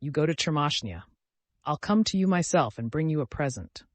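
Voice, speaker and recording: A man's voice: a little high, very animated, fairly quick, no room sound. A man doing a drunken spiteful old father. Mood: wheedling. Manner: rambling, wheedling, quarrelsome.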